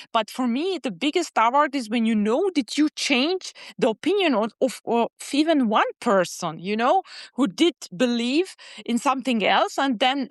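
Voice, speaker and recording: A woman's voice: fairly high pitch, no room sound. Woman, dry sound. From Serbia. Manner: hesitant non-native phrasing, many fillers. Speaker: guest, animal psychologist. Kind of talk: casual interview chat.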